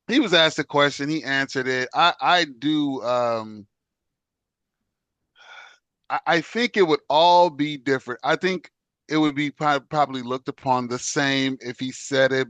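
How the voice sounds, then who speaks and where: A man co-hosting a relaxed podcast, speaking with a bright, forceful tone and crisp clarity. His sound is dry and close to the mic. He works through his thoughts with hesitant pauses. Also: medium pitch, no echo. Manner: hesitant, with many fillers and restarts. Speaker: podcast co-host. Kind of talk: casual chat.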